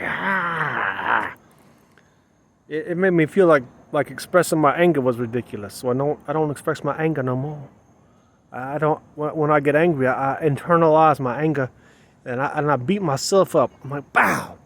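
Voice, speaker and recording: A man's voice: on the high side, normal speed, a bit bright. Man musing aloud outdoors, rambling. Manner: rambling, repeats himself, emotional self-questioning. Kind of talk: personal vlog monologue.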